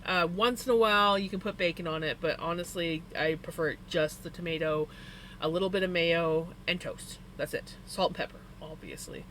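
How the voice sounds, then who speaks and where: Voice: medium pitch, moderate pace, a bit bright, a little hiss or hum. A live streamer chatting casually with viewers, telling rambling personal stories full of "like" fillers and stating preferences emphatically. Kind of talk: casual chat to a live audience.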